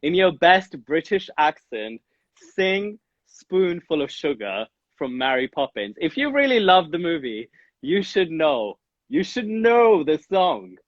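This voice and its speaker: Teasing guy hosting a chat show, gets excitable, kinda dull muffled audio. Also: fairly high pitch, unhurried, no echo. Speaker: podcast host. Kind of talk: casual interview chat.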